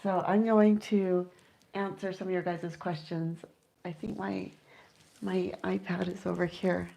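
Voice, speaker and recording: An enthusiastic woman chats casually to her viewers, warm in interest and quick to trail into fillers. She breaks off at times to mimic soft owl hoots. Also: lowish voice, little pitch movement, creaky, rough recording. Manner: chatty and enthusiastic, many fillers. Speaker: owl keeper and vlogger.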